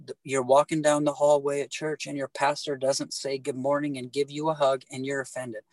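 A middle-aged man tells his faith story as a guest giving his testimony, talking casually in a mid-range voice. He's animated yet halting, often repeating words and restarting, and the audio is poor though free of echo.

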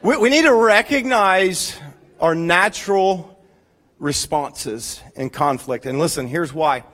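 A man in his forties preaching a sermon, telling animated, joking stories about his own marriage with frequent restarts. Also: on the high side, takes it slowly. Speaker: pastor.

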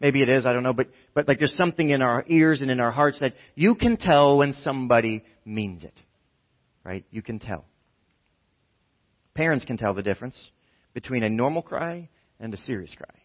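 A man preaching a conversational sermon, talking casually, often asking "right?" and swinging from hushed tones to near shouting. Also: medium pitch, lively intonation, moderate pace. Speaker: pastor. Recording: dull lo-fi sound.

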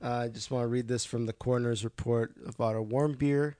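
A man co-hosting a podcast chimes in with dry, deadpan humor. His voice sits at a middle pitch, recorded close and with no room sound. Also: brisk, no room sound. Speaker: podcast co-host. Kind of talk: casual podcast chat.

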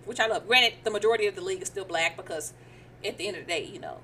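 A woman's voice: medium pitch, rapid-fire, sharp tone, a little hiss or hum. A woman co-hosting a podcast, talking emphatically and opinionated, often checking if she's understood. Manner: emphatic and opinionated, keeps asking "you know what I'm saying". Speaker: podcast co-host. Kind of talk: casual podcast chat.

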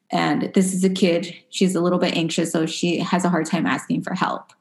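A woman's voice: fairly low pitch, steady tone, normal speed, gravelly, few pauses. A woman in her thirties, a parent, chatting casually about raising her kids and slipping Spanish phrases into her talk. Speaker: parent sharing experience. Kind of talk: casual conversational storytelling. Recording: echoey room.

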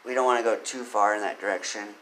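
A man's voice: fairly low pitch, steady tone, quick pace, pushed and bright, rough recording. A man reading out legal code and giving his opinions, often putting questions to the listener. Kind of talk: solo commentary with read-out legal text.

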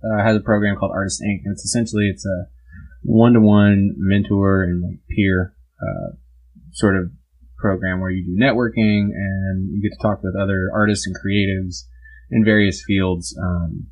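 A young man talking casually as a podcast guest, halting, with lots of fillers and restarts. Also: low-pitched, little pitch movement, a little mellow, low-quality recording. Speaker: guest artist and builder.

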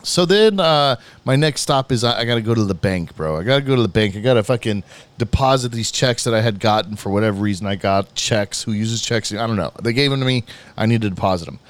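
A young man hosting a podcast, telling a rambling story about his day with lots of swearing and animated retelling. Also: lowish voice, quick pace. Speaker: podcast host. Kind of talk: casual storytelling chat.

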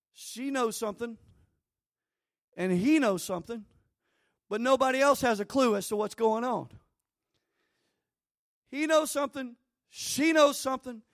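A male pastor preaching a sermon in a church, telling the story with animated, emphatic repetitions. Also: extremely high pitch, no echo, studio quality.

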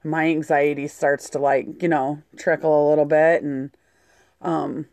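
A woman telling a story in casual chat, animated and swearing freely. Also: deep voice, a little slow, no echo. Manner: animated, swears a lot, acts out quotes.

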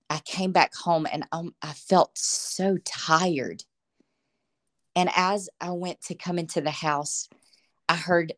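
A woman shares her personal faith testimony as a podcast guest. Her voice sits low for a woman, and she tells her story with earnest, emotional conviction.

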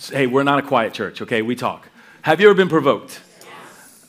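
A middle-aged pastor preaching, reading scripture and telling lively personal stories, acting out voices and laughing as he goes. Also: medium pitch, moderate pace. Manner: animated storytelling, acts out voices, laughs often.

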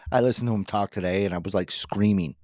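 A man co-hosting a casual sports podcast, ranting with animated outbursts. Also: on the low side, fast, dry recording, studio quality. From Detroit area. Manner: animated, ranting, bursts into shouting. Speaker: podcast co-host.

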